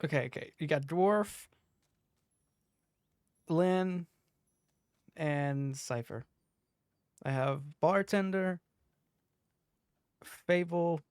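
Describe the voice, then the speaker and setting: A man's voice: on the high side, extremely slow, pauses often, darkish tone, smooth, no room sound, clean studio sound. A man chatting casually and joking while he voices characters in a game, scattered and talking over himself. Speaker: game player.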